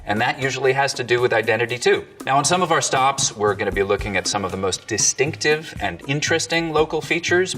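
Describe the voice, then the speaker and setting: A man, a dialect coach, explaining accents in an educational video with clear, lively delivery. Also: mid-range voice, recorded from a distance.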